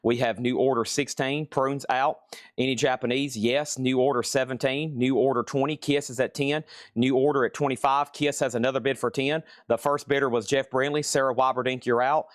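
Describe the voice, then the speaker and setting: A man's voice: medium pitch, steady tone, no room sound. Man calling prices on a dry live stream. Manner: brisk running price calls, chatty asides. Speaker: live-stream record seller and auctioneer. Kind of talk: live-stream sales patter.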